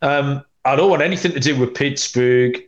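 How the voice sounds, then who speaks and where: A man's voice: medium pitch, moderate pace, lo-fi sound. A man hosting a sports betting podcast, chatty and rambling with many ums, tossing in cheeky asides. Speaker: podcast host, betting analyst.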